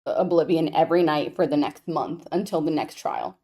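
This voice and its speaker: A woman's voice: sits low, moderate pace, warm tone, husky. A young woman co-hosting a podcast, chatting casually about a book with playful jokes. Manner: joking, playful asides. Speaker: podcast co-host. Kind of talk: casual book recap chat.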